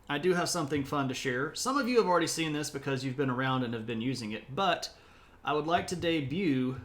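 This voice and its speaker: Here a middle-aged host from South Mississippi, USA, chats through a laid-back history stream, admitting he's opinionated and rambling off on side notes. His voice is fairly high and slightly bright.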